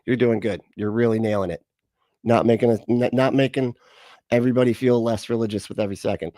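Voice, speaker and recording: A man's voice: mid-range voice, steady tone, fast talker, warm tone, no room sound, studio quality. A man hosting a livestream, reacting to a clip with sarcastic, rambling commentary, frequent laughter and casual swearing. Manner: rambling, with fillers and restarts.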